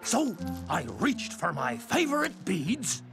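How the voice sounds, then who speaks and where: An actor voicing a gentle male monster who loves making necklaces, talking slowly and sweetly in a children's cartoon. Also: medium pitch, very animated, creaky, full character voice. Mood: dreamy. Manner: slow, sweet, drawn-out and wondering. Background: music.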